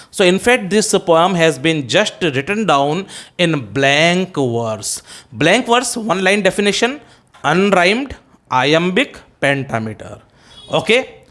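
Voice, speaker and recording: A male English teacher with an Indian accent lecturing on a poem, often checking with "okay?" and spelling terms out letter by letter, with halting restarts. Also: sits high, fairly bright tone. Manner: hesitant restarts with many "uh"s.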